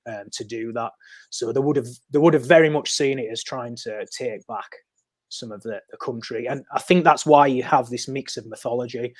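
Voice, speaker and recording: A man's voice: medium pitch, darkish tone, no room sound. Rambling man explaining history, dry sound. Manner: rambling, storytelling, with frequent ums and restarts. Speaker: podcast guest, amateur historian. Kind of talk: conversational explaining. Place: podcast recording.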